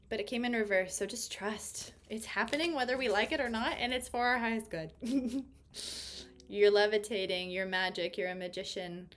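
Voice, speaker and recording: A woman's voice: medium pitch, slight background noise. A woman giving a casual tarot reading, bubbly and effusive, laughing often. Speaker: tarot reader.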